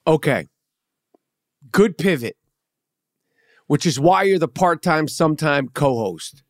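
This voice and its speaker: A man hosting a podcast, telling a story in a teasing, profane, animated way. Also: a little high, slow pace, dry recording, studio quality. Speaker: podcast host. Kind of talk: casual podcast banter.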